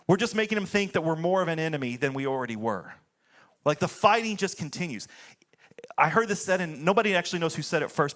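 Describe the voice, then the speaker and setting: An American man in his thirties delivers a church sermon in a high, light voice. He sounds conversational, full of "like" and quick asides, then turns blunt and direct on his key points. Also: a bit bright. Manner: conversational preaching, fillers like "like", swings into blunt punchlines. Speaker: pastor.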